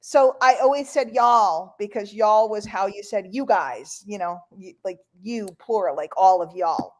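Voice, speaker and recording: A woman's voice: medium pitch, unhurried, darkish tone. A woman from New York hosting an online call in casual, rambling chat. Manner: chatty, rambling, playful.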